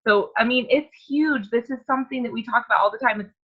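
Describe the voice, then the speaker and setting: A woman's voice: a little high, fast talker, husky. A woman hosting a video call for a sales team, coaching her team in an emphatic, preachy way. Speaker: host, team leader. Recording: dull lo-fi video call audio.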